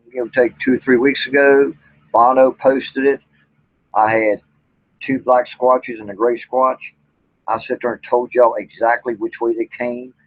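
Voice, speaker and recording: A man's voice: medium pitch, breathy edge, dry recording. A man, a vlogger and Bigfoot researcher, ranting bluntly and angrily to camera with plenty of profanity. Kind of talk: angry rant to camera. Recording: tinny phone-like audio.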